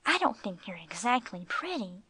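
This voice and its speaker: A woman's voice: medium pitch, sing-song, normal speed, sharp tone. A woman voicing Amarilla, a shy, timid female dog, in a storybook reading.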